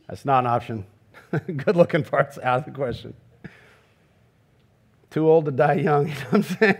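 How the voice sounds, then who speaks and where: A pastor preaching a sermon, dropping soft and low for quoted words, then rising high and excited with rhetorical questions, laughing at his own jokes. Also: moderate pace, long pauses, breathy edge.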